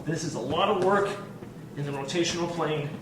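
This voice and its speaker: A man demonstrating warm-up drills as a fitness coach, talking with energy and counting reps as he exercises, sometimes out of breath. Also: fairly high pitch, brisk. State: out of breath at times. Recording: roomy, distant mic with ambient noise.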